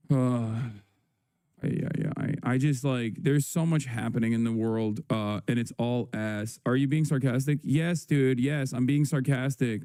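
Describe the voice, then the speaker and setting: A man talks casually on a livestream in a dark, mellow voice that stays smooth and clear. He reads headlines in a slow, drawn-out way, drops dry sarcasm and fills gaps with ums and uhs. The sound is close and dry, with no room around it. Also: medium pitch, no room sound. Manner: sarcastic, drawn-out reading of headlines with many fillers. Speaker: livestream host.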